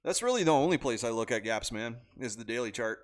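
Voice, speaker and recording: A man's voice: medium pitch, expressive, quick pace. A man hosting a casual livestream from home, talking stock trades in a loose, blunt, rambling way at his computer mic. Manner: loose, blunt, rambling talk with chat asides.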